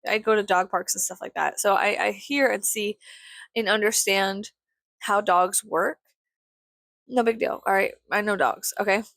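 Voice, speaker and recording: Gravelly, sarcastic young woman ranting. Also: medium pitch, steady tone, normal speed, fairly bright tone, no room sound. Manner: profane, sarcastic, exasperated. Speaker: vlogger. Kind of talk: ranting casual monologue.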